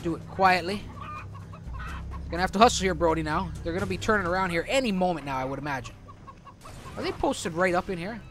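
A man's voice: high voice, lively intonation, fast, pauses often, a bit bright, soft background music. A man commenting on his own gameplay in a chatty, joking way, laughing often. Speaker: let's play host.

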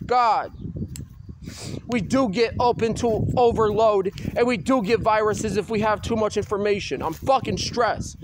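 A man ranting on his own in an agitated, repetitive way, swearing and breaking into loud outbursts. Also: high-pitched, measured pace, noisy background. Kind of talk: solo rant to camera.

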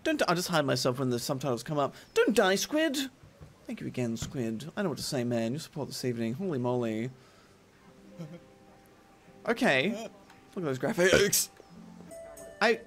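Gaming host, young man, high-pitched and animated, joking commentary over soft game music. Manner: excitable, joking, talks to the game. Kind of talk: let's play commentary.

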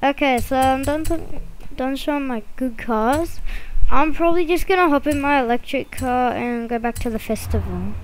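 A woman's voice: high voice, moderate pace, slight background noise, low-quality recording. A woman giving casual, rambling commentary while she plays a driving game, with many fillers and restarts. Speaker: gameplay video creator.

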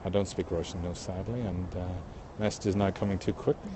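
A middle-aged man chats easily through a phone live stream, warmly greeting viewers one after another. His voice sits fairly low. Wind and the noise of boats on the river carry over the open phone mic. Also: fairly even intonation, fairly quick. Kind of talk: casual live-stream chat. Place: outdoors on a riverbank at sunset. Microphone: phone held by the streamer.

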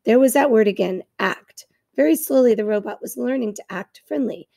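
A woman teacher reading a novel aloud to her class in clear storytelling narration. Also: fairly high pitch, normal speed, mellow, dry recording.

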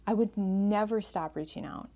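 A woman's voice: medium pitch, moderate pace, warm tone. A woman hosting an advice podcast as a family therapist, talking earnestly and repeating phrases for emphasis.

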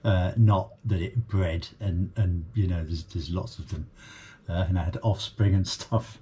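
A man's voice: sits low, steady tone, measured pace, dark tone, slight background noise. A man from Essex casually reviewing a comedy clip, rambling with many fillers and chuckles. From Essex, England. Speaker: reaction video host.

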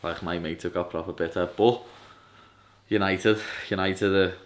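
A young man with a strong Scouse accent talks casually to his vlog camera in a low voice. He is loud and blunt, swears freely and drops "lad" into almost every sentence. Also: little pitch movement, fairly quick. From Liverpool, England. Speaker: fighter vlogging.

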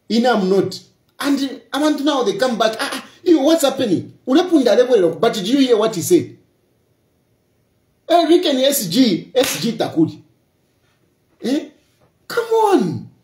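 Zambian man, political monologue, repeats himself for emphasis, lively swooping pitch, roomy echo. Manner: repetitive, emphatic, mixes in Bemba phrases. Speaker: opposition politician.

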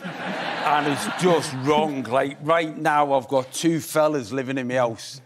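A male comedian with a Liverpool accent sits as a chat show guest, telling funny stories in a rambling way that keeps stopping and restarting. His voice sits a little on the high side. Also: fairly even intonation, slow pace, noisy background. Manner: rambling comic storytelling, self-interrupting.

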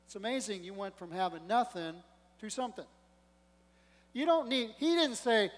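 A man's voice: sits high, expressive, moderate pace. A male pastor preaching a sermon with rising emphasis and playful humor, acting out the voices in the story. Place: church sanctuary. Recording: long church-hall reverb.

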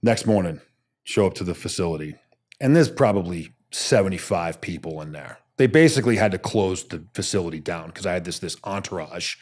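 A man's voice: deep voice, expressive, brisk, a little mellow. A man, a former soldier, telling his story bluntly and emphatically as a podcast guest, swearing casually.

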